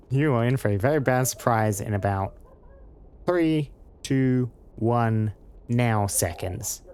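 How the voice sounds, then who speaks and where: A man's voice: mid-range voice, animated, slow, long pauses, darkish tone, a little hiss or hum. A man hosting a casual let's play, reading the dialogue aloud and adding jokey asides. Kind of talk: game playthrough commentary.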